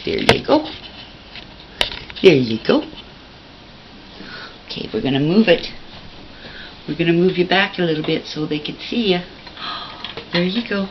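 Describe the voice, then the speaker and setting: A woman coaxes and praises her pet in cooing baby talk while filming on a handheld camcorder. Her voice sits low and moves slowly, but it swings widely and often leaps high. There is faint background noise in the room. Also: lively intonation, dull audio. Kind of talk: home video chat with a pet.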